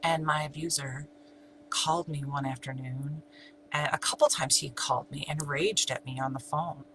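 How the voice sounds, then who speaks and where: Speaking at a normal speed in a low-pitched voice, a middle-aged woman tells her personal story against a steady background hum. A channel host and abuse survivor, she stresses her points, says things more than once, and sometimes lowers to a whisper.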